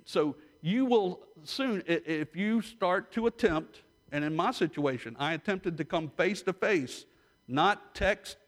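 A man's voice: high voice, a bit bright. A middle-aged man pastor giving an emphatic sermon, repeating key lines for emphasis.

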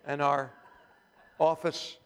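Animated male pastor preaching in a reverberant hall. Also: fairly high pitch, takes it slowly, smooth. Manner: animated storytelling with humor. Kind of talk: sermon.

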